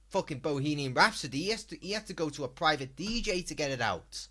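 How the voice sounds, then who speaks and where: A man's voice: on the high side, lively intonation, fairly quick, sharp tone. A man live-streaming, reacting to a video with exasperated, sweary ranting.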